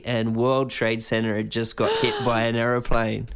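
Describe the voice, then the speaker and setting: Gravelly Australian man telling a rambling story. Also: mid-range voice, flat delivery, fairly quick, hardly any pauses. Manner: loose, rambling, swears freely, acts out voices in anecdotes. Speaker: musician guest. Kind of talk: casual storytelling in conversation.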